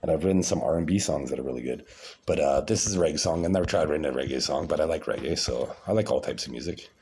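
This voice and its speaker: A man with a very low voice delivers a loose, grandiose vlog monologue. He circles back on himself, restarting lines and repeating words, while a faint background hiss sits under the recording. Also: fast talker, vocal fry, darkish tone.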